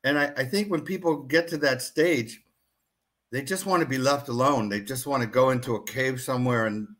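Earnest male author, middle pitch. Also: brisk, a bit bright. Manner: earnest, many restarts and fillers. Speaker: author and guest. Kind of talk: book reading and interview talk.

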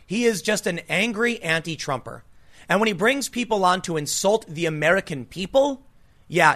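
A man's voice: fairly high pitch, a bit bright. Emphatic man giving political commentary. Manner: emphatic, repeats words when fired up; sarcastic asides while reading from an article.

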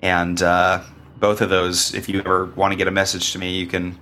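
A man appearing as a podcast guest, his voice scratchy from a cold, speaking haltingly and politely with many pauses. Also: deep voice, monotone, pushed and bright. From Sacramento area, US. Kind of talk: casual podcast chat.

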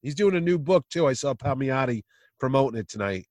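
A man's voice: mid-range voice, brisk, no room sound. A man hosting a podcast, telling anecdotes in casual chat and acting out the voices of people he met. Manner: animated anecdote teller who acts out voices. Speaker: podcast host.

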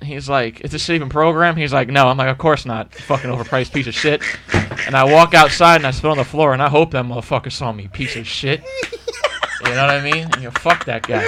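A young man telling a story in a casual chat, animated and profane, acting out both sides of the dialogue. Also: mid-range voice, fast talker, background noise. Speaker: podcast co-host.

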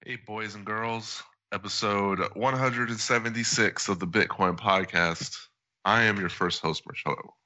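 Male podcast host, low voice, relaxed and playful, slightly muffled recording. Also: moderate pace. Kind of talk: casual podcast chat.

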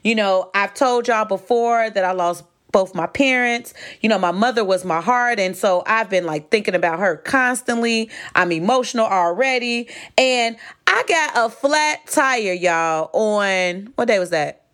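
A woman's voice: mid-range voice, measured pace, few pauses, clean tone. A woman from Chicago hosting her own podcast, talking casually and animatedly to her listeners. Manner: chatty and animated, addressing listeners as "y'all". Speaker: podcast host. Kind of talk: casual solo podcast talk. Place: home.

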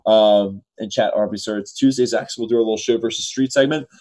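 A man's voice: fairly low pitch, steady tone, fast, darkish tone, poor audio. A man co-hosting a sports talk show, joking and self-deprecating, his voice cracking now and then. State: voice keeps cracking. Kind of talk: casual sports chat.

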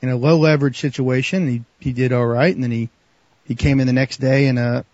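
A man talking as a podcast guest in casual chat, halting and restarting his sentences often. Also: mid-range voice, steady tone, darkish tone, no room sound, dull audio.

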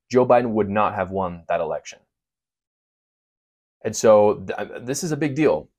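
A man's voice: on the low side, darkish tone. A man giving an emphatic, sarcastic political opinion monologue as the show's commentator.

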